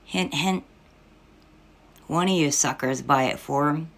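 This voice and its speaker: A woman's voice: sits low, measured pace, fairly bright tone. A middle-aged woman giving critical reaction commentary, scornful and lecturing in a sarcastic tone. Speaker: social media commentator.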